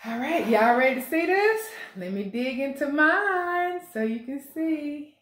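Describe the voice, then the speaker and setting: A woman hosts a casual eating show in an echoey room, her high voice lively in intonation and fairly bright. She's playful and laughing, letting out drawn-out mmm sounds as she eats.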